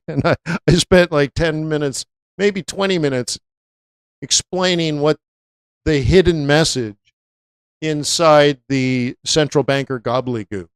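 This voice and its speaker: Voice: medium pitch, measured pace, clean tone, no room sound, studio quality. A live forex trading stream host giving casual market commentary. The delivery is chatty and anecdotal, and words get repeated for emphasis. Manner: slips into voices when quoting others.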